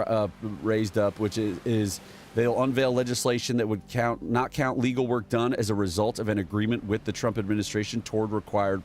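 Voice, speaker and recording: Sarcastic low-voiced male political streamer. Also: a little mellow, a little hiss or hum. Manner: sarcastic, rambling, reads headlines aloud. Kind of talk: casual political commentary.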